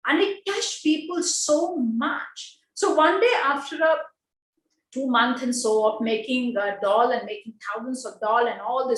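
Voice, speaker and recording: A woman with a high voice tells a personal story in simple non-native English. She acts out the voices of the people in her anecdotes. The sound is roomy and echoey. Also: fairly bright tone. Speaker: speaker at an online panel. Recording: echoey room.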